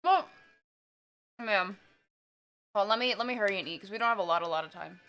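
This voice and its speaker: A woman streaming live, chatting casually with viewers and reading their messages, excitable and laughing often while she eats. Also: medium pitch, brisk.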